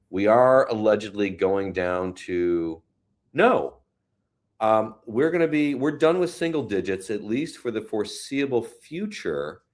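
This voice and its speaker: A man with a deep, low voice hosts a relaxed live stream from his home in New York City. He talks slowly and unhurriedly, chatting about the weather and answering viewer comments with gentle, consoling words. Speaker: host. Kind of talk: casual live-stream chat.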